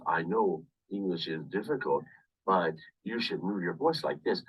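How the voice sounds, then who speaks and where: Man, low voice, a bit raspy, university English lecture, video call, repeats himself, slightly distant mic. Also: muffled recording. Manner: repetitive, explains slowly with many "of course" asides. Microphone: computer webcam mic on video call.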